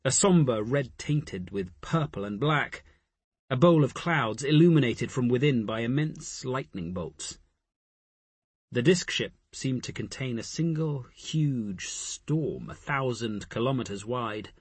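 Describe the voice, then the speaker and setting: Male narrator, husky, lively intonation, measured read. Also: medium pitch, no echo. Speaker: audiobook narrator. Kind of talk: scripted narration.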